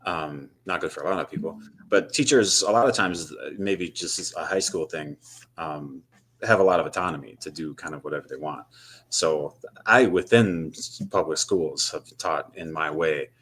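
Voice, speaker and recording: Low-voiced man musing with many pauses. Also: a bit bright, slightly rough. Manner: thoughtful, with many fillers such as "uh" and "um". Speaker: guest, high school English teacher. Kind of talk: casual interview conversation.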